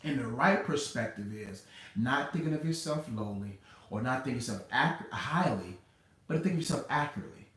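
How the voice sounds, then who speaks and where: A man's voice: medium pitch, lively intonation, brisk, a bit bright, recorded from a distance. A man who is a relationship coach, giving motivational advice in an emphatic, preacher-like, conversational way and repeating key phrases. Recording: roomy sound, speaker away from the mic.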